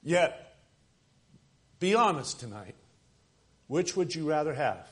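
A man preaching a sermon as pastor at a church service, swinging from loud emphatic lines to soft, hushed ones. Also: fairly high pitch, sing-song, takes it slowly.

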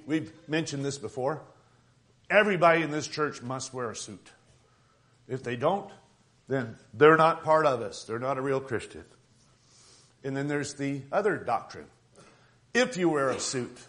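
A man preaching a sermon as pastor, conversational and joking, with quick asides. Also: mid-range voice, fairly bright tone. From Tucson, Arizona.

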